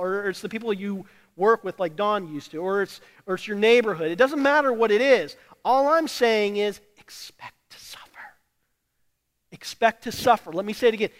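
Brief: male pastor, high voice, sermon delivery with sharp swings between hushed and loud emphasis, speaks to the congregation, long church-hall reverb. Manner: repeats lines for emphasis and addresses the congregation directly. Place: church sanctuary during a service.

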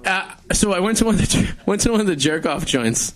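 Radio co-host, male, thirties, from Massachusetts; higher voice, loose animated storytelling. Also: a little fast. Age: 30s. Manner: rambling, animated, self-mocking storyteller. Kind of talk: casual storytelling chat.

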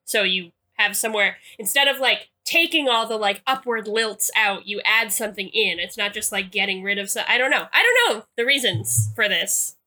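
A woman's voice: medium pitch, expressive, moderate pace, few pauses, sharp tone. A woman from Massachusetts co-hosting a podcast in rambling casual chat, full of fillers. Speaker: podcast co-host.

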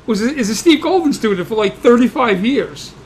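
Joking man telling a quick anecdote. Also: very high-pitched, slight background noise. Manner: animated anecdote-telling, jokey. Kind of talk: casual chat.

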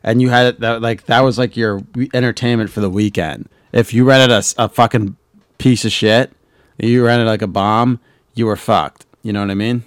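Casual male podcast host, lowish voice, dry close sound, rambling and profane with constant fillers. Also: fairly even intonation, moderate pace, clear, resonant tone, dry recording. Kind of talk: casual nostalgic chat.

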